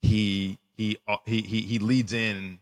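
A man co-hosting a casual faith podcast, animated and lively, who stumbles and restarts his words. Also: fairly low pitch, takes it slowly, long reverb tail. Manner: animated, acts out voices in retellings, restarts words. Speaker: podcast co-host. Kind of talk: casual faith discussion with scripture reading.

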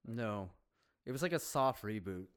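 A man co-hosting a movie review podcast, chatting casually and laughing often between quick asides. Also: fairly low pitch, expressive, smooth. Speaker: podcast co-host.

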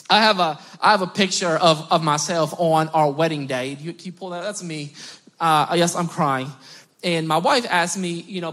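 A man in his thirties, a pastor preaching a sermon at a church service, impassioned and building at times to near-shouting. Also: a little high.

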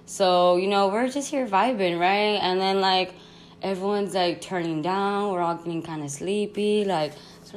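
A woman's voice: mid-range voice, unhurried, a little hiss or hum. Slangy young woman host, laughing often. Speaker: podcast host. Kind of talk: casual storytime chat. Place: her home.

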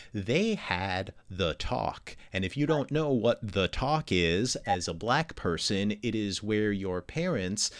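A man co-hosting a casual chat, speaking earnestly and thoughtfully about social issues, pausing to rephrase. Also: fairly low pitch. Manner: earnest, thoughtful, some restarts. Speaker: podcast co-host. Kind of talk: casual chat, reflective commentary.

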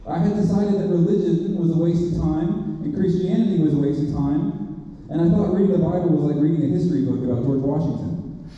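A man preaches from his own experience, earnest and confessional, with flashes of self-mocking humor. His voice is very dark and mellow and sits slightly high for a man. It reaches the mic dull and from far off, with a long echo in a large hall. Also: fairly quick. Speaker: speaker at a campus ministry. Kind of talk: sermon with personal story.

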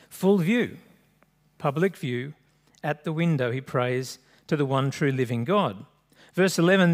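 A man preaching a sermon, reading scripture aloud expressively with large swings in pitch and loudness. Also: expressive, unhurried. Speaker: pastor.

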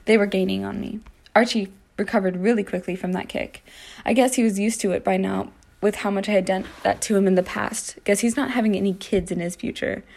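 Gravelly woman reading a story aloud. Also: medium pitch, fairly even intonation, fairly quick, a little mellow. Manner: dramatic reading, with small slips and restarts. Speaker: reader of her own story. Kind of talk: first-person story reading.

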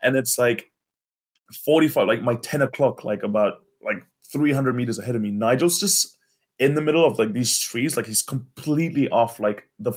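A young man telling friends a wild hiking story in casual chat, animated, swearing often and saying "bro" and "like". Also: mid-range voice, moderate pace.

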